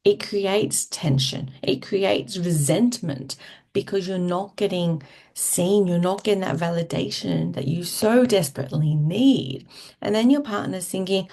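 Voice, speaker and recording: A woman's voice: fairly low pitch, measured pace, creaky, dark tone. A woman relationship coach giving casual, candid advice to camera, often checking in with "okay?" and restarting words as she goes. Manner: candid, occasionally swears.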